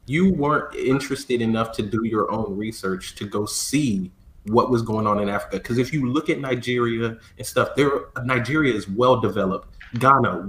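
A man's voice: mid-range voice, a bit bright. A man in casual podcast chat, making his point with pointed rhetorical questions. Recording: roomy sound with faint background ambience.

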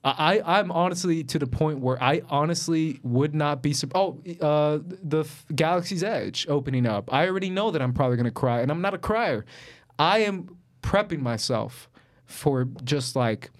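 A man's voice: a little high, expressive, moderate pace. Young male podcast co-host, playful and teasing in easy banter. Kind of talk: casual chat.

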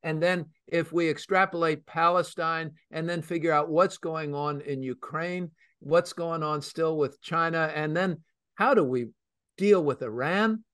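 Talk show host guy, kinda high voice, emphatic and rambly, dry sound. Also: unhurried, fairly bright tone, no room sound. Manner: emphatic, storytelling, many fillers. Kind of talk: radio talk show discussion.

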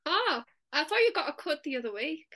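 Chatty woman co-host, high and bright, loose and giggly. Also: sing-song, a little fast. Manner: chatty, laughs often, many "like" fillers, acts out inner voices. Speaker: podcast co-host. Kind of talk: casual chat.

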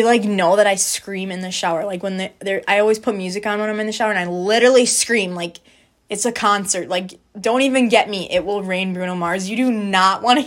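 A woman's voice: mid-range voice, fairly bright tone. A young woman, a college student, chatting casually about her freshman year, bubbly and full of "like" and "um". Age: young adult. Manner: chatty and bubbly, heavy use of "like" and "um". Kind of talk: casual storytelling chat.

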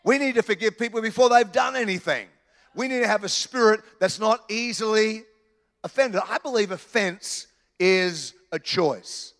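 An Australian pastor preaching with a higher-than-usual voice for a man. His delivery is lively and conversational, with humorous asides. His voice carries a long echo from a large hall. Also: normal speed. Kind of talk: sermon. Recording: reverberant church hall.

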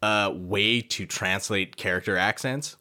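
A man's voice: on the low side, a little slow, bright, forceful tone. A man chatting casually as a podcast co-host, laid-back and wry. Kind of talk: casual chat.

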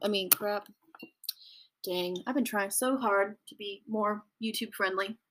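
Here the podcast host, a young adult woman at home, speaks at a measured pace in a slightly bright voice. Her casual commentary wanders in a chatty, rambling way, spiced with mocking high-pitched impressions, over slight background noise.

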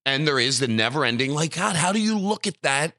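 A man hosting a podcast, ranting in casual chat, jumping between loud bursts and low muttered asides. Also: animated, brisk, no room sound, clean studio sound. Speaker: podcast host.

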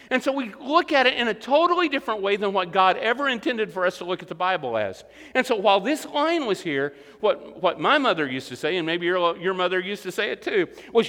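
High-voiced, bright preaching man. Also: big pitch swings, fairly quick, long reverb tail. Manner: earnest, builds to emphatic peaks, acts out inner voices. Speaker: pastor. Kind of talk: sermon.

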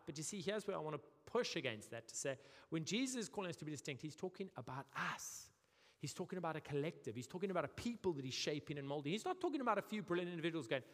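A young man with a South African accent delivers a sermon with a slightly high voice, lively and humorous, often acting out the voices he quotes. His voice rings out with the long reverb of a church hall. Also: quick pace. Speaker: pastor.

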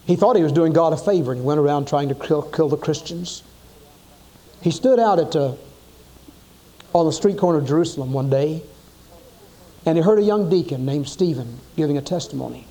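A man's voice: a little high, fairly quick, pauses often, warm tone. A man preaching a sermon, telling Bible stories dramatically and acting out the quoted voices.

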